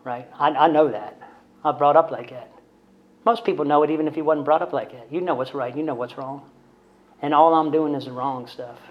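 A man's voice: on the high side, fairly even intonation, brisk. Blunt, candid man on a muffled recording. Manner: conversational and blunt, with frequent "right?" and "man" tags; self-deprecating humor. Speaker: speaker sharing his recovery story. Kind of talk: candid storytelling talk to a group. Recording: dull lo-fi recording.

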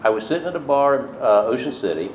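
A man's voice: mid-range voice, expressive, quick pace. A middle-aged man telling a personal story in a conversational, self-deprecating way, acting out the people he quotes. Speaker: recovery speaker sharing his story. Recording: roomy, dull lo-fi recording with faint noise.

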